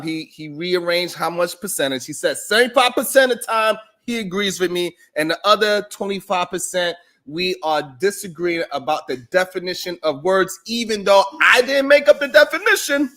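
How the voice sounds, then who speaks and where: High-voiced joking male stream host. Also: normal speed, pushed and bright. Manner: joking, boastful, laughs often. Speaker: livestream show host. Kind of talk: casual livestream monologue.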